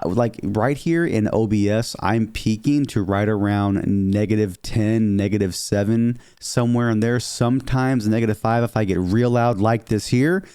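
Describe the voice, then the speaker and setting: A man with a low, dark voice walks through his audio settings in a loose, filler-heavy way and checks in with the listener constantly. His tone is smooth and even. He is recorded close on a studio microphone with a dry sound. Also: no echo. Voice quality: lower register, somewhat muddy midtones. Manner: chatty, filler-heavy, keeps saying "okay?" and "here". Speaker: streamer explaining audio settings. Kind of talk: casual tutorial. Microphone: dynamic studio mic, close.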